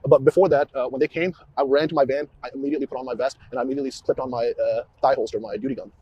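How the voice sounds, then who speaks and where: Halting husky-voiced police officer. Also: male voice, medium pitch, steady tone, dull audio. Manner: halting, repeats words and restarts often. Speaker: police officer questioned about a shooting. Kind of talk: recorded interview walkthrough.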